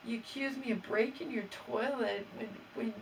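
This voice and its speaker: A woman's voice: fairly high pitch, normal speed, gravelly, recorded from a distance, slight background noise, rough recording. A woman vlogger venting her grievances in an aggrieved, exasperated way, stammering and restarting as she talks. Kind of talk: venting personal vlog.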